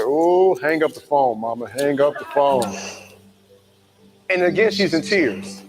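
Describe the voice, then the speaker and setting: A man giving a motivational talk, telling his own life story with lively acted-out quotes. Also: high-pitched, rough recording. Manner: animated, acts out quoted voices. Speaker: motivational speaker.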